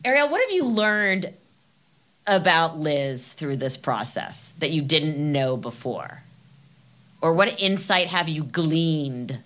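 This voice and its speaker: A woman's voice: low voice, sing-song, slow pace, fairly bright tone. A middle-aged woman hosting a podcast, telling anecdotes animatedly and laughing often. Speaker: podcast host. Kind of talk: casual chat.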